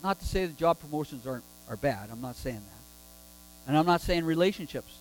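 High-voiced man preaching a sermon. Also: animated, brisk, no room sound, soft background music, low-quality recording. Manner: emphatic with rhetorical questions.

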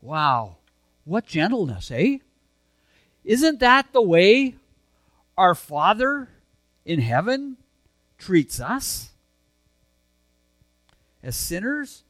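A man preaching a sermon, earnest and conversational, swinging between emphatic lines and soft, hushed ones. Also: high voice, sing-song, very slow, long pauses, no room sound. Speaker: pastor.

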